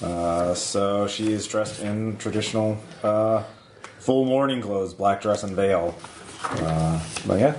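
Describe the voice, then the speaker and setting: Male player, slow and hesitant, low voice, echoey noisy room. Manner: hesitant, many fillers. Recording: echoey room, clear background noise.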